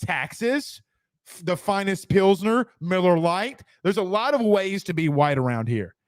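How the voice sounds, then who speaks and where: A man's voice: high-pitched, expressive, unhurried, no echo, clean studio sound. A man hosting a casual sports talk show, joking and rambling through viewer comments and repeating lines for emphasis.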